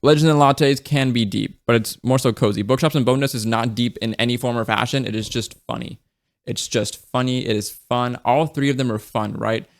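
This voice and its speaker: A man's voice: mid-range voice, fairly quick, few pauses. Chatty, swearing male book vlogger. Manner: enthusiastic, casual, swears often; frequent fillers and tag questions. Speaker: book reviewer. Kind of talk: casual chat.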